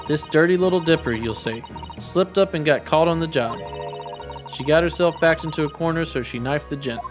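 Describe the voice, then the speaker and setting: A man's voice: fairly high pitch, a little fast, close to an everyday voice. A man reading the lines of a cocky young female pickpocket from a video game in his own plain voice, without putting on an accent. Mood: defiant. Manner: read aloud in his own voice, no accent attempted. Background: faint game music.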